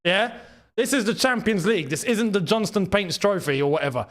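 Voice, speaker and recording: Excitable man, lively high voice. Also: fairly quick. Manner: excitable, bursts into high shouts and laughter. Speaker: football channel host. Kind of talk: live football watchalong commentary.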